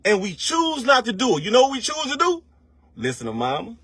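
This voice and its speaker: This online commentator has a very high, fairly bright voice with wildly swooping pitch, heard in a dry recording. His casual motivational rant is profane and preachy, full of slang, rhetorical questions, and words stretched for emphasis.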